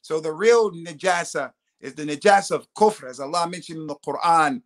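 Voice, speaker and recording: Guy explaining religious rulings on a live stream, kinda high voice, rattles off arabic quotes fast. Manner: explanatory, recites Arabic quotations quickly. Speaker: Islamic scholar answering questions.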